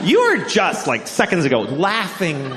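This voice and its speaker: A man doing stand-up, his pitch leaping all over as he rants with sarcastic, profane mock outrage. The sound is roomy and echoing, with steady noise underneath. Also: measured pace. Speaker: stand-up comedian. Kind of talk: stand-up comedy set.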